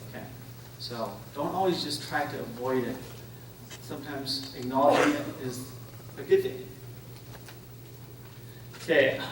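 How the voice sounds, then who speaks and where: A man giving a conference talk to an audience, telling stories and often checking in with "right?" and "okay?". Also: on the high side. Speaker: conference speaker. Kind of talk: interactive lecture to an audience. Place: conference room. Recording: echoey room, distant mic, faint noise.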